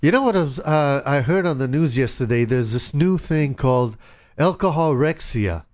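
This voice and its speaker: A relaxed man talks casually, answering with easy agreement and sharing things he heard. His voice sits on a dry, slightly dull lo-fi recording. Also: medium pitch, normal speed, dry recording. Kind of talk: casual chat.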